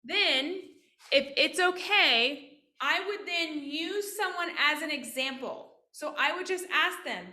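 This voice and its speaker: A woman physical therapist teaching practice owners on a video call, lively and interactive, often asking questions. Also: high-pitched, slow. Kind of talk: casual online teaching with role-played examples.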